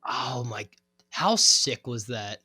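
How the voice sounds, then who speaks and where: A man's voice: mid-range voice, slow, husky, no room sound. Young male podcast co-host, laid-back storyteller, dry close sound. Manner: relaxed storytelling, lots of fillers and swearing. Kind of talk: casual chat.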